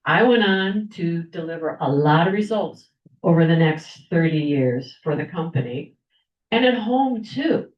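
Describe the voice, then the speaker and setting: Older woman, speech giver at a club meeting, lively storyteller, low-ish voice, dull lo-fi room recording. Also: measured pace. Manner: animated storyteller, acts out quoted people. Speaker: club member giving a speech. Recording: echoey room, dull lo-fi sound.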